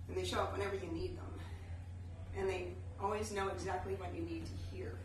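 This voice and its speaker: A woman's voice: medium pitch, slight background noise. A woman in her thirties performing a chatty, self-deprecating comic monologue on a theater stage, heard on a distant, echoey live recording. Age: 30s. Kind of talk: solo comedy storytelling.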